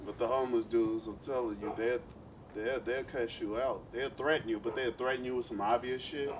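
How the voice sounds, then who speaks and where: A man's voice: mid-range voice, steady tone, fairly quick, a little hiss or hum. A man from East Oakland doing a profane stand-up comedy set with playful asides. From East Oakland, California. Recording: live club set, distant mic, loud crowd.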